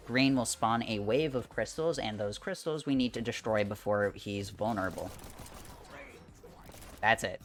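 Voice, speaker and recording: Low-voiced laid-back male speedrunner. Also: unhurried, soft background music. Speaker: speedrunner narrating his own run. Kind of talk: casual game commentary.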